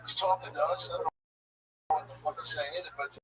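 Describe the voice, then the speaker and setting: A man's voice: fairly high pitch, fairly even intonation, brisk, heavy background noise. A man on a comedy show panel, rambling and profane as he gives his comments. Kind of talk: casual banter on a comedy panel. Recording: distant mic, loud music.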